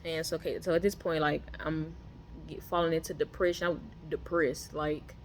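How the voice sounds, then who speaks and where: Low-voiced woman telling her testimony. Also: flat delivery, normal speed, slight background noise. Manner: loose conversational delivery with many fillers and restarts. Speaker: person giving a testimony. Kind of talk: personal testimony, casual storytelling.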